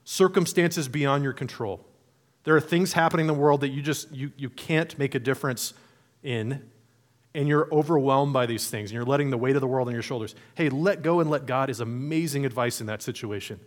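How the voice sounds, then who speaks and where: A man's voice: medium pitch, a little fast. A man preaching a sermon in a conversational, playful way, acting out imagined voices. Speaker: pastor.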